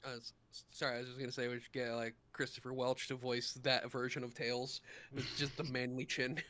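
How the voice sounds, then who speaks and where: A man co-hosting a podcast in casual chat, animated and quick with asides, laughing often. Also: medium pitch. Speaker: podcast co-host.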